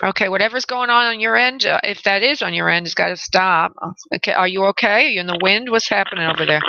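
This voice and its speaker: Gravelly New woman giving readings. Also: mid-range voice, fast talker, dull audio, very noisy. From New York. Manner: motherly, calls callers honey, direct and firm. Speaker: radio show host and spirit medium. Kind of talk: call-in radio reading.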